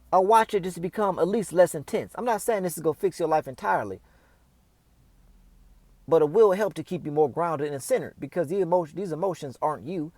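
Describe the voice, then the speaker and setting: A man's voice: high voice, a little mellow, dry recording. A man giving casual, off-the-cuff spiritual advice, talking straight to the listener in loose slang. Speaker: host.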